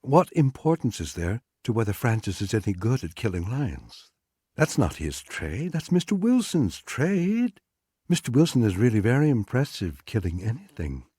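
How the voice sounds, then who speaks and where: A man's voice: medium pitch, sing-song, normal speed, dark tone, husky, no echo, clean studio sound. A man reading a story aloud, voicing a spoiled, sweetly cutting wealthy American wife in a raised voice. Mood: mocking. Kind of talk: audiobook character reading.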